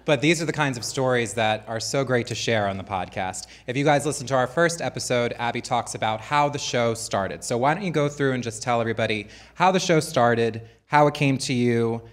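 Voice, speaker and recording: A man's voice: mid-range voice, fairly quick, hardly any pauses. Male podcast co-host, upbeat and eager, live-stage interviewer. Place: sports bar, live show.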